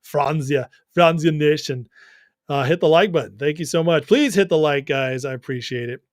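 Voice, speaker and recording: A man's voice: on the high side, lively intonation, brisk, no room sound, studio quality. A young man hosting a political livestream, reading viewer comments and giving his opinions in a casual, conversational way.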